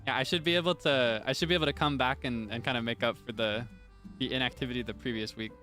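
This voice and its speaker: A man's voice: mid-range voice, fast, bright, forceful tone, soft background music. A young man streaming, chatting casually and rambling with many fillers and restarts. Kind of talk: casual chat.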